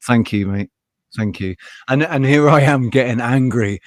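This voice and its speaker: A man in casual podcast conversation who rants bluntly and swears freely. He keeps a middle pitch. His voice sounds dry and close, with frequent laughs and restarts. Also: moderate pace, no echo. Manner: heated, blunt ranting with swearing; laughs often, restarts mid-sentence. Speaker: podcast co-host. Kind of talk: casual live podcast chat.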